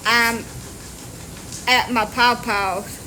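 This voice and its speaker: Speaking extremely slowly in a fairly high, steady voice that comes across pushed and bright, a woman tells a story on her phone. She's a vlogger outdoors on rural property with dogs, and her talk is casual, blunt, salty and self-mocking; slight hiss or hum is audible.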